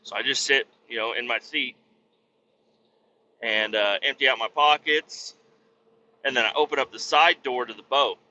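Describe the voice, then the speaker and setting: A man's voice: medium pitch, normal speed, long pauses, pushed and bright. A man hosting a podcast, telling a story in a casual, profane, ranting way. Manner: profane, ranting, acts out others' voices. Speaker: podcast host. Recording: slightly muffled with faint hiss.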